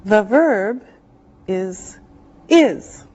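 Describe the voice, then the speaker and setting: A woman teaching an English class, speaking slowly and deliberately and drawing out words for her learners. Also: medium pitch, expressive, darkish tone. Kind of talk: slow classroom instruction. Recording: dull lo-fi classroom recording.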